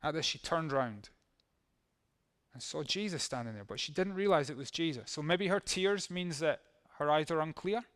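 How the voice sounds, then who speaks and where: A man's voice: fairly high pitch, expressive, normal speed, a bit bright. A male pastor preaching a sermon in a conversational way, reading verses and acting out how they might sound.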